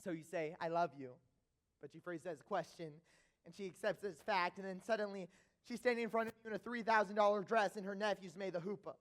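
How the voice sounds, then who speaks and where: A man's voice: high-pitched, quick pace, fairly bright tone. A man playing a nervous, chatty theater fan who narrates with rambling asides to the audience in a stage musical. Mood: musing.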